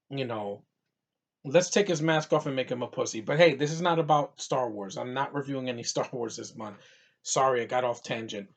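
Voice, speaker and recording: A man from New York giving a casual, rambling movie review, full of fillers and restarts. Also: mid-range voice.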